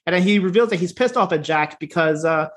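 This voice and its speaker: A man's voice: high voice, fast talker. Laid-back man recapping a wrestling show. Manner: laid-back, profane, laughing, acts out quotes in animated voices. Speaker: podcast co-host. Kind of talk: casual recap chat.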